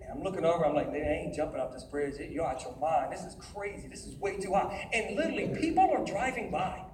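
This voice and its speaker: A man's voice: on the high side, fast talker, noisy background. A man giving a humorous sermon-style story to a live audience, acting out voices and laughing often. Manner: animated, acts out quoted voices, laughs often. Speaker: speaker at a youth conference. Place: large hall with live audience. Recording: echoey hall from far off, loud audience.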